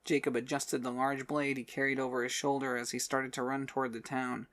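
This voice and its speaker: A man reading a fantasy audiobook as narrator, in steady scripted narration. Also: medium pitch, brisk.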